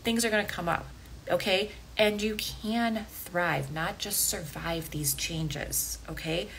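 A woman's voice: on the low side, slow pace, creaky, fairly bright tone, a little hiss or hum, poor audio. A woman hosting a coaching podcast, talking casually and directly to listeners, often checking in with "okay?" and "right?". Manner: conversational, frequent "okay?" and "right?" asides. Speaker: podcast host and health coach.

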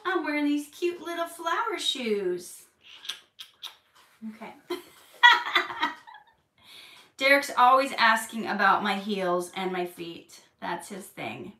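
A woman's voice: on the high side, slow pace, pauses often, distant mic. A woman hosting a live Q&A stream, chatting casually with viewers and turning earnest and preachy. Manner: earnest, preachy, animated when excited. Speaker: livestream host answering viewer questions. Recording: roomy echo, a bit off-mic.

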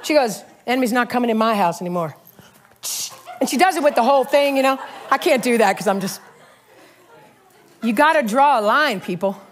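Lively high-pitched woman preaching. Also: fairly quick, long pauses, a little hiss or hum. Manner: animated, storytelling, frequent laughs. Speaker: pastor. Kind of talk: sermon.

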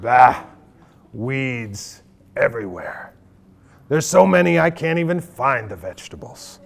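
A man's voice: mid-range voice, big pitch swings, unhurried. A man doing a grumpy hungry old wolf. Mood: grumbling. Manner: grumbling, gruff muttering. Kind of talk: children's storybook reading. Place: public library, live audience of children.

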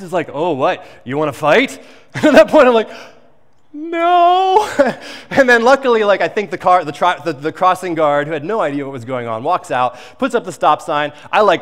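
A man preaching as a pastor, telling stories in a relaxed, conversational way, often tossing in "right?" and "like". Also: fairly high pitch. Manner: conversational storytelling, frequent "right?" and "like". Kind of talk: sermon. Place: church sanctuary. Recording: long reverb of a church hall.

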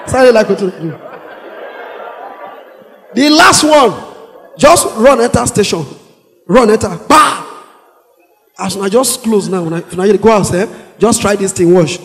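A man with a Nigerian Pidgin English accent telling a stand-up comedy story, animated, acting out the voices of the police with shouts and laughter. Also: high voice, moderate pace, vocal fry, some chatter behind. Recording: echoey hall with long reverb.

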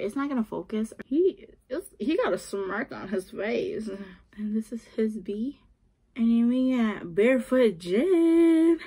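A woman talks through an unboxing on her phone in an easy, gushing way. She speaks slowly in a slightly husky voice, giggling often and slipping into whispers. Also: a little high, a little mellow. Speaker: vlogger unboxing an album. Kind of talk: casual chat to camera.

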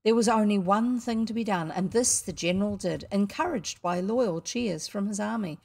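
Expressive New Zealand woman reading a story. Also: mid-range voice, moderate pace, vocal fry, few pauses. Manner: expressive, occasional slips and restarts. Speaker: audiobook reader.

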